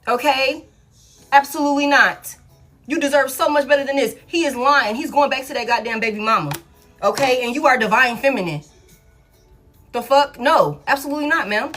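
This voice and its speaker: A woman giving a live tarot reading, blunt and profane, hammering her points home with repeated flat refusals. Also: high-pitched, normal speed. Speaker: tarot reader. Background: faint background music.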